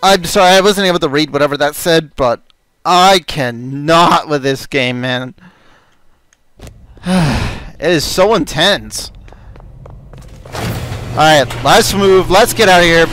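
A man's voice: on the high side, slow pace, pauses often, fairly bright tone, no echo. A man giving let's play commentary, chatting to game characters and yelping when chased. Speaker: gaming video creator.

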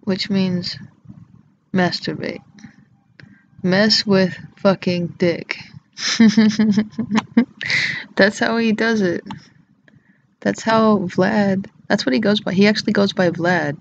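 This is a vlogger with a gravelly, fry-laced voice who drawls slowly through erratic, crude jokes. The talk wanders and giggles from one silly idea to the next. The recording is slightly dull, and there is a faint hum of traffic behind it. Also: medium pitch, fairly even intonation. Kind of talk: rambling solo vlog talk.

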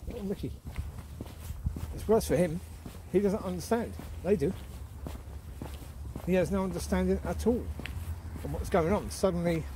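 A middle-aged man chatting casually while walking his dog outdoors, now and then calling out loudly to it. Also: high-pitched, a little hiss or hum. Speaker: dog owner vlogger. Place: outdoors on a rural walk.

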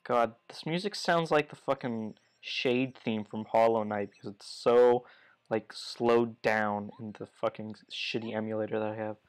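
A young man going hoarse, giving crude, self-mocking commentary while playing a video game. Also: fairly low pitch, fairly even intonation, a little slow, rough recording. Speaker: let's play host. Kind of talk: casual gameplay commentary.

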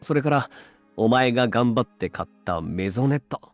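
Guy doing a laid-back protective young boyfriend, game voice, bouncy and quick talking. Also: medium pitch, expressive, no echo, soft background music, natural voice. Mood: tender. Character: easygoing, protective young man, gently teasing boyfriend. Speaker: game character voice. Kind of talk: Japanese dub game dialogue.

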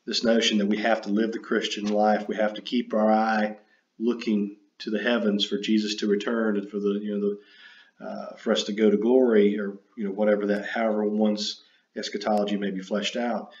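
A man giving an unscripted lecture, halting and full of fillers and self-corrections. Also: on the low side. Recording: dull roomy recording.

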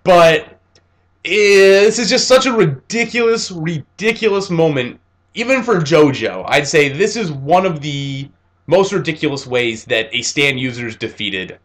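A man's voice: a little high, measured pace. Young man chatting through an anime review. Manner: animated retelling with fillers and laughs. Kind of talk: casual episode review.

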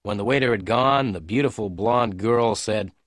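A man reading a detective story aloud in clear, measured narration for English learners. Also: fairly low pitch, dry recording, clean studio sound. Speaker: audiobook narrator.

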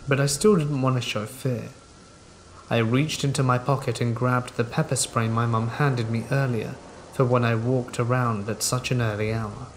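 A man reading scary stories aloud in a measured, steady scripted narration. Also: medium pitch, slight background noise, low-quality recording. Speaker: horror story narrator. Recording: rain sounds under the narration. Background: rain.

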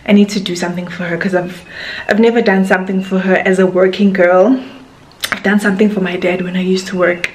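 A woman's voice: medium pitch, level tone, brisk. Gushing young South African woman vlogger. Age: 20s. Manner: gushing and emotional, fillers of "like" and "yo". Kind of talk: casual talking-to-camera vlog.

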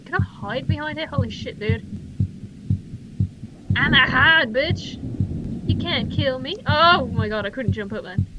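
A young woman giving profane, jokey commentary while playing a horror game, reacting loudly. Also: on the high side, highs cut off. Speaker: gaming channel host. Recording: humming noisy home recording.

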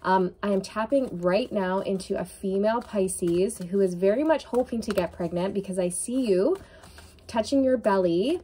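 A woman's voice: medium pitch, moderate pace, dark tone, a little hiss or hum. A woman giving an intuitive tarot reading to camera, talking in an earnest, emotional way with many fillers. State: tearful at times. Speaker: tarot reader.

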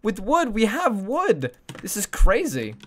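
A woman streaming a video game, chatting casually with her viewers and swinging between squealing joy and mumbled asides. She coos in a high baby voice at a pet. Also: wildly swooping pitch, unhurried, a little hiss or hum. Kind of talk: casual live-stream gaming commentary.

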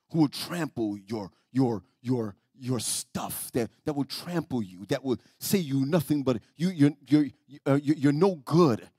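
A man pastor preaching a sermon in a church, telling stories, often repeating and restarting words, and swinging between soft and loud. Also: mid-range voice, a little slow, hardly any pauses, breathy edge, dry recording, studio quality. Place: church sanctuary.

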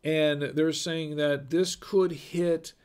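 A man's voice: on the high side, fairly even intonation, slow pace, a little mellow, clean tone. A middle-aged man from North Carolina hosting a casual livestream, rambling and chatty with many fillers and restarts. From North Carolina, USA. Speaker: host.

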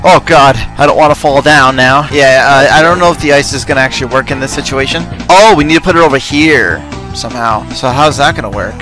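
A young man commenting excitedly on his gameplay, often yelping and shouting. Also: medium pitch, quick pace, hardly any pauses. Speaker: gaming video host. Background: game music.

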